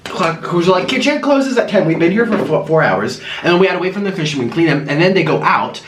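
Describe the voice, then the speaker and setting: A man with a fairly high, lively voice tells a story while he eats on camera. He gasps and murmurs between bites. The recording is echoey, with a faint hiss in the background. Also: quick pace. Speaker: mukbang vlogger.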